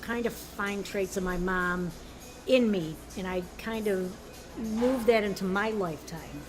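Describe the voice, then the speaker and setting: A woman's voice: medium pitch, measured pace, music in the background. An older woman, the host's mother, chatting casually as a guest and reminiscing with laughter. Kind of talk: casual chat. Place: outdoors at a cafe drive-thru.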